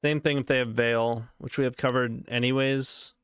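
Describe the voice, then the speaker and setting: A man's voice: medium pitch, little pitch movement, normal speed, a bit bright, smooth, no room sound, clean studio sound. A man streaming a card game, talking casually through each play and reacting as it unfolds. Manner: casual running commentary, reacting to plays. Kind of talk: live card game commentary.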